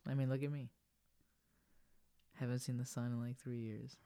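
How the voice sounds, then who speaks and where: A young woman co-hosting a podcast in casual chat, telling stories in an animated, giggly way and slipping into playful voices. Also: extremely low pitch, moderate pace, noisy background. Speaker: podcast co-host.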